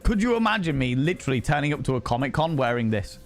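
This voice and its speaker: A man's voice: mid-range voice, big pitch swings, fast, soft background music. A man live-streaming in casual chat, laughing often and swearing freely.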